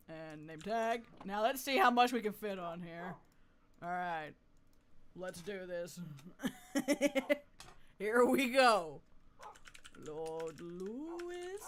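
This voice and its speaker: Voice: medium pitch, slight background noise. A streamer giving live gameplay commentary, playfully talking with mock deference and often laughing.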